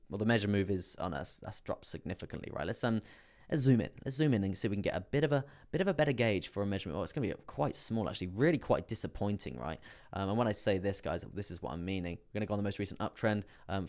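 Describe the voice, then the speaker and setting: Brief: young English man, low-pitched and monotone, relaxed chart-analysis streamer. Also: racing. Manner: chatty, laughs often, reads chat aloud. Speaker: crypto trading streamer.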